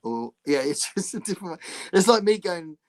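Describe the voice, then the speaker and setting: A man from England with a high voice hosts a brisk, casual podcast chat via video call. He laughs often, talks in an animated, chatty manner, and restarts his sentences frequently.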